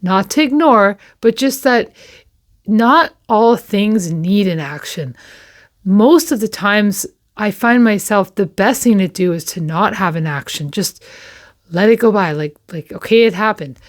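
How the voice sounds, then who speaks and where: A woman and parent hosting a recovery talk, speaking candidly and slowly with frequent pauses and repeated words. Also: medium pitch, animated. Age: adult with children. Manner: candid and slow, pausing often and repeating herself. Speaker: recovery channel host. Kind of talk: reflective personal talk to camera.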